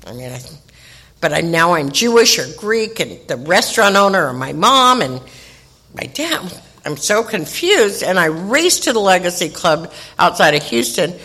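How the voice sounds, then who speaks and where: A woman's voice: on the low side, a bit bright. A woman in her sixties from California tells her recovery story at a meeting. She is candid and self-mocking, and she acts out the people in her story. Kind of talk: personal recovery share.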